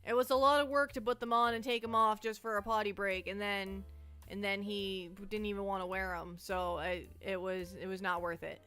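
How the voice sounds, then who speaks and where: A woman's voice: mid-range voice, little pitch movement, moderate pace, a bit bright, clean tone, faint music behind. A nervous woman streamer chatting casually, rambling and restarting her sentences, anxious and shaky. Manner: nervous, rambling, self-interrupting. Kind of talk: casual live-stream chat.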